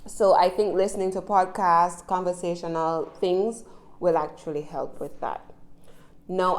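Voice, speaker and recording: A woman with a Jamaican accent teaching English in a chatty, encouraging way, often checking in with the listener. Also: lowish voice. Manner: chatty, encouraging, frequent tag questions. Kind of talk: casual spoken lesson.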